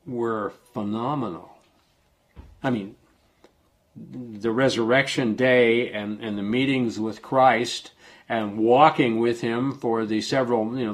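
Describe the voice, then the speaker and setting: A man teaching from the Bible in a sermon, reading passages aloud and then explaining them in a plain, conversational way, with frequent restarts and self-corrections. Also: mid-range voice. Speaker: preacher.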